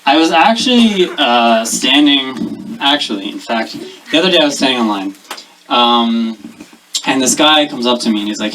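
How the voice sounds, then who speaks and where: A young man doing a deadpan stand-up set, pausing often with ums. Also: mid-range voice, far from the mic. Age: young adult. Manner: deadpan, halting with many ums. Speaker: stand-up comedian. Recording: noisy live recording.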